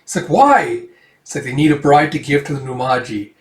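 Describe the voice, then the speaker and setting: A man casually recapping a comic book, voicing the characters' lines himself and jumping into loud shouts for the dramatic ones. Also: mid-range voice, fairly even intonation, quick pace. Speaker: manga reader recapping a comic. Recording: echoey room, far from the mic.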